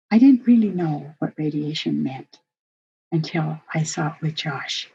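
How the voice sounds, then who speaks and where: On a dull lo-fi recording with a little hiss or hum, an older woman's deep, dark, husky voice unfolds at a moderate pace. As a workshop presenter and grandmother, she tells a personal family story with earnest feeling.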